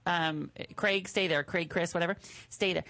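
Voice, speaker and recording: A young woman co-hosting a radio show, playful and teasing, bantering quickly with callers. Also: on the low side, steady tone, fairly bright tone. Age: young adult. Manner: fast, playful, laughing and teasing. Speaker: co-host.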